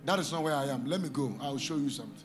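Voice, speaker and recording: A man preaching a sermon, calling out to the congregation and rising into shouted, sing-song lines. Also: mid-range voice, very fast, faint music behind.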